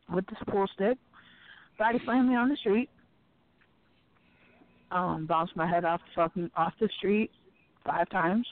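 A woman calling in to a talk show, telling her story haltingly while near tears. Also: mid-range voice. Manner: halting, shaken. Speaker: guest caller. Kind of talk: personal account on a call-in show. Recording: tinny dry phone line.

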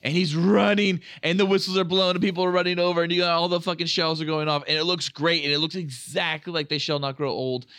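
A man co-hosting a podcast, chatting excitedly about a film with lots of swearing and acted-out quotes. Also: fairly high pitch, quick pace, few pauses, no echo. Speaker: podcast co-host. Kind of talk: casual film review chat.

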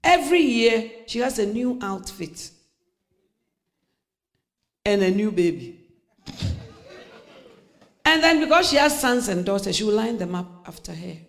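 A woman's voice: mid-range voice, lively intonation, a little slow, long pauses. A middle-aged woman preaching a sermon, telling stories with laughter, acting out voices and dropping to near-whispers.

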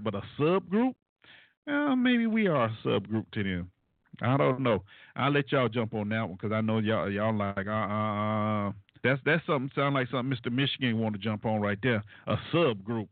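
A man hosting a call-in radio talk show, commenting alone in a casual, animated way with many fillers and asides to his listeners. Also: mid-range voice, no echo. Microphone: phone line. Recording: tinny phone-line radio, dry.

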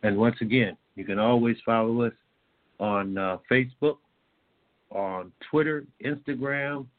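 A man's voice: medium pitch, measured pace. A man from Indiana hosting a talk-radio show in a casual, rambling way, full of fillers. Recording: tinny phone-line sound.

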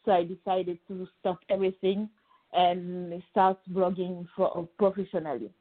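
A woman's voice: on the low side, little pitch movement, unhurried. A woman from Senegal whose first language is French, a guest in a podcast interview. She answers with many ums and repeated words. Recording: tinny phone-like line.

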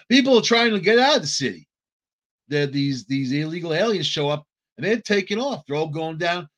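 Man, heated political commentary, sarcastic, restarts phrases, animated pitch.

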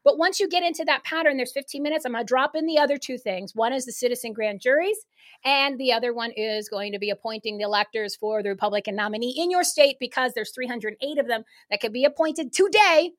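Fired-up high-voiced woman. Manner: fired-up, rapid, emphatic. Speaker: guest activist. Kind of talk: casual talk-show chat.

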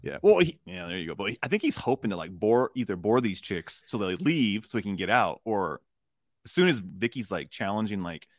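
A man co-hosting a casual film discussion podcast, rambling and animated, acting out lines from scenes. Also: fairly low pitch, brisk, dry recording, clean studio sound. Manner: rambling, animated, acts out character lines in funny voices. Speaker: podcast co-host.

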